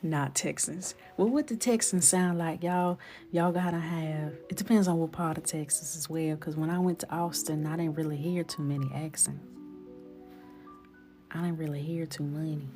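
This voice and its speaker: A woman's voice: low-pitched, steady tone, normal speed, mellow, soft background music. A woman hosting a live coloring stream, chatting playfully with her viewers and often dropping into a whisper. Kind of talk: casual live-stream chat.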